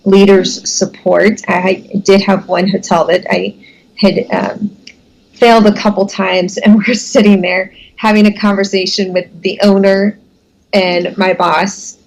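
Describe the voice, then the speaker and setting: A woman's voice: mid-range voice, little pitch movement, slow pace, creaky, poor audio. A woman in her thirties from the United States, telling her career story as an interview guest in a candid, self-deprecating way with frequent laughs.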